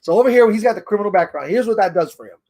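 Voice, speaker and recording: Sex: man. Role: tutorial host. Style: casual game-rules explainer. Pitch: high for a man. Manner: rambling, chuckling. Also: animated, very fast, a little mellow. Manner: rambling, chuckles often, trails off while searching.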